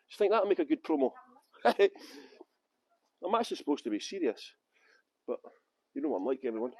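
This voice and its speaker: A man's voice: mid-range voice, animated, a little fast, pauses often, a little mellow, husky, dry recording. A man from West Yorkshire working as a tour guide, chatting and joking with viewers by name on a live-streamed walking tour outdoors on city streets. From Halifax, West Yorkshire, England.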